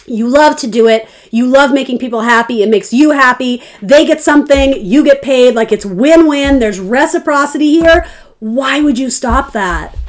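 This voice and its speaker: A young woman reads tarot for her viewers in a loose, conversational way. Her voice sits a little high, and she rambles through her thoughts with frequent laughter. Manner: chatty, rambling, laughs often. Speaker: tarot reader. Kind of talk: casual tarot reading.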